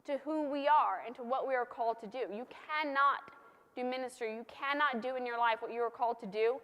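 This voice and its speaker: A woman's voice: fairly high pitch, brisk, fairly bright tone, dull audio. A woman preaching a sermon in a conversational, playful way, hammering key points through repetition. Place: church. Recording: long church reverb.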